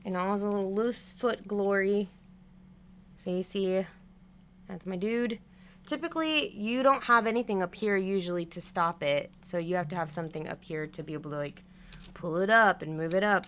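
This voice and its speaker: A young woman's medium-pitched, slightly bright voice comes at a moderate pace, with slight background noise. She chats casually on her livestream while restringing a doll, explaining each step and breaking into frustrated exclamations.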